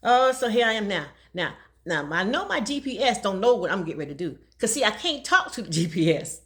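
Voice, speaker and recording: A woman telling a personal story in a casual vlog, talking fast and laughing often. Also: mid-range voice, sing-song. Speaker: vlogger.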